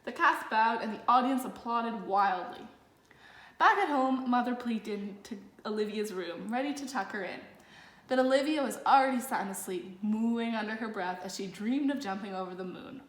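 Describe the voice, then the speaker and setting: Lively woman reading a children's story. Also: fairly high pitch, normal speed. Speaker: storybook narrator. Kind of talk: reading a children's picture book aloud. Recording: roomy echo.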